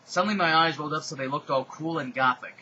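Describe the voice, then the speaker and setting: A man giving a mocking dramatic reading in a deadpan tone with sarcastic asides. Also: fairly high pitch, quick pace, muffled recording, a little hiss or hum. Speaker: reader.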